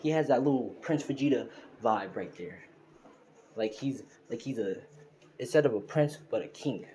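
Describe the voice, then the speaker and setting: A man's voice: medium pitch, animated, moderate pace, mellow, slight background noise. A man improvising a fan story as narrator, rambling with lots of fillers.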